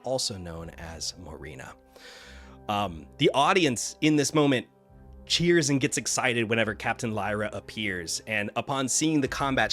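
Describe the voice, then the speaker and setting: A man's voice: on the low side, a bit bright. A man narrating a tabletop game as game master in a casual manner, with many fillers.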